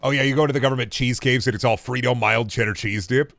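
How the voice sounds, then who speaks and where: A man's voice: mid-range voice, fairly even intonation, fast talker, creaky, a bit bright, no echo, clean studio sound. A man in his thirties streaming a game, chatting in a rambling, laid-back way and swearing freely. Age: 30s. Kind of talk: casual gaming-stream chat.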